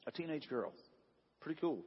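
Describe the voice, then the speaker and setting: A man's voice: a little high, very animated, normal speed, husky. A man preaching a sermon, telling a story in a conversational way and often repeating himself. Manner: conversational, repeats himself, quotes people in dialogue. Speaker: pastor. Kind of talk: sermon with slides. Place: church sanctuary. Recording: dull sound in a large echoing hall.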